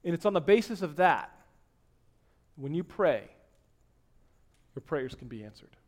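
High-voiced man preaching with swelling emphasis. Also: sing-song, measured pace. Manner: swings from hushed to loud, emphatic preaching. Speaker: pastor. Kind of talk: sermon.

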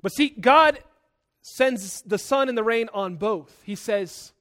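A young man delivers a sermon in a high voice, pressing his points hard. He shifts between loud, driving lines and softer ones. He often repeats a word as he restarts a sentence. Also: lively intonation, slow pace. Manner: emphatic, swings between loud and soft; repeats words when starting sentences. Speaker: pastor.

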